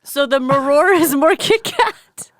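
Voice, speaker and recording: A woman co-hosting a podcast, joking and laughing with a lively, swooping delivery. Her voice sits fairly high. The recording is dry and close. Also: unhurried, no room sound. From California. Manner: animated, teasing, laughs often. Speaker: podcast co-host. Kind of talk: casual podcast chat.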